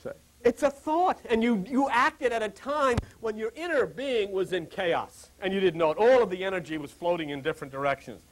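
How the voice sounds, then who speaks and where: A spiritual teacher rambles through an informal lecture to a small group, chuckling over joking asides and putting questions directly to his listeners. His voice is high and fairly quick with few pauses, and the audio quality is poor.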